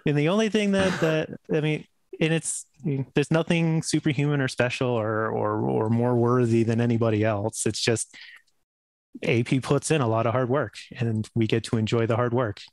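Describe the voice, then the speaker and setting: Speaking earnestly in casual chat, this gaming-stream cast member halts and restarts a lot. His mid-range voice has fairly even intonation, and the recording is dry.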